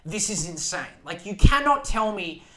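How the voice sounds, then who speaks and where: A man's voice: sits high, moderate pace, background noise. A young man hosting a podcast, ranting in a casual, rambling way with lots of swearing and restarts. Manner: rambling, profane, animated, self-interrupting. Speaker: podcast host.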